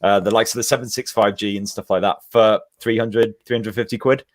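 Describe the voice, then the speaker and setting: A man's voice: fairly low pitch, fairly even intonation, fairly quick, dry recording, studio quality. A man, a tech reviewer guest, chatting wryly on a podcast with plenty of swearing. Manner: wry, swears freely, drinking beer. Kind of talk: casual podcast chat.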